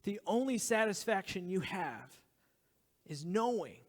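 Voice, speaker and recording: An earnest male pastor in his thirties preaches with a slightly high voice, sinking now and then to a near whisper to stress a point. His words ring out with a long, lingering reverb from a large church hall. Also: big pitch swings, unhurried. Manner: earnest, drops into hushed whispers for emphasis. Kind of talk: sermon.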